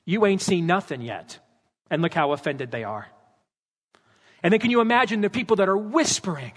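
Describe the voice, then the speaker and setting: A man preaching a sermon at his church, animated and dramatizing scripture with character voices. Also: high voice, moderate pace, pauses often. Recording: long hall reverb.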